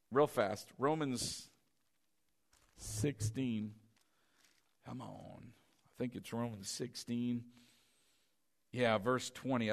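A loud, passionate middle-aged man preaching to his congregation. His voice sits high and swings widely in pitch. The tone is bright and forceful. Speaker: pastor. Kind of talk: sermon.

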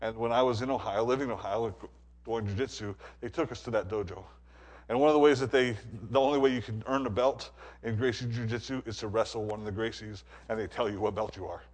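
A man preaching a sermon, animated, swinging between quiet stretches and loud, emphatic builds, often repeating words as he presses a point. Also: lowish voice, fast talker.

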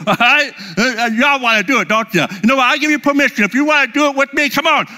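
A middle-aged man telling lively, enthusiastic personal stories to a live audience. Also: very high-pitched, fast, noisy background. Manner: lively, enthusiastic, holds up props. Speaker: speaker addressing a live audience. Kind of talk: animated personal storytelling.

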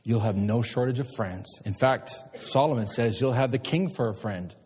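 A middle-aged man, a pastor preaching a sermon and telling stories with animated emphasis. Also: mid-range voice, moderate pace, slightly rough. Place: church sanctuary. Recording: long church hall reverb.

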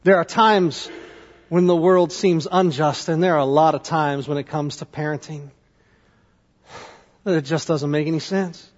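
A man in his thirties, a pastor, preaching a conversational sermon in a church with lively questions to the congregation. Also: fairly high pitch, normal speed, long pauses. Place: church sanctuary. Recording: dull, lo-fi sound with long hall reverb.

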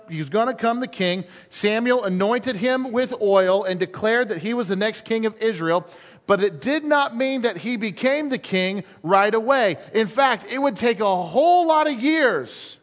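A pastor with a high voice delivers a storytelling sermon with animated emphasis. His voice rings through a reverberant church auditorium. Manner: animated storytelling, shifts between quick and slow emphasis. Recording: echoey hall.

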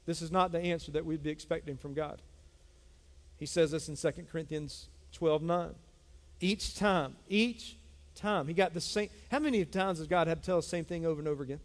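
Fairly quick and somewhat high-pitched, a middle-aged pastor preaches with emphasis, repeating himself and calling out to his congregation. It's recorded in a church sanctuary with long hall reverb.

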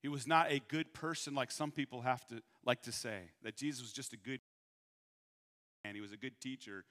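Bright-voiced preacher in a reverberant hall. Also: male voice, medium pitch, steady tone. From Michigan, USA. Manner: rhetorical questions, emphatic slowed repetition. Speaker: pastor. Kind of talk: sermon.

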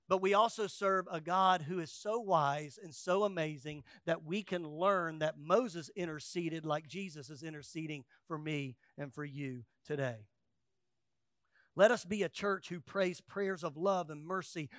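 Male pastor, high voice, emphatic sermon delivery, loud peaks and quiet asides, dry close recording. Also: dry recording. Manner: acts out quoted voices with humor.

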